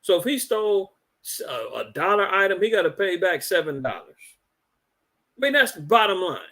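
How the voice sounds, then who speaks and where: Indignant preaching man, fairly high voice. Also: big pitch swings, moderate pace, sharp tone. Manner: indignant, preachy, rambling with repeats. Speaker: podcast host. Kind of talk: religious commentary podcast.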